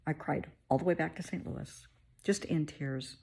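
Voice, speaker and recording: A woman's voice: low-pitched, normal speed, creaky, dark tone, husky. A woman, a therapist, candidly telling her own story in a conversational, emotional way. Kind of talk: personal storytelling vlog.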